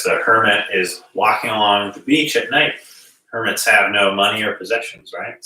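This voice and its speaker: A man leads a gentle qigong session, calmly talking students through each breath and movement. His fairly low voice is recorded from a distance and rings through a very echoey room. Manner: calm, gently guiding with breath cues. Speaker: qigong instructor. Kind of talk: guided movement class.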